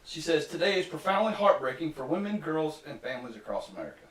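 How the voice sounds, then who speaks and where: Man, podcast host, sarcastic, a touch high, echoey room, set back from mic. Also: sing-song, fast talker, far from the mic, over loud music. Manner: sarcastic, mocking. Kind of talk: casual political chat, reading quotes aloud.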